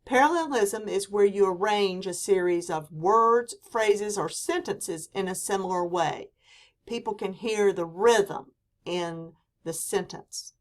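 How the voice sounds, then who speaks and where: A woman teacher with a mid-range voice gives a classroom lecture, speaking deliberately and reading quoted examples with emphasis.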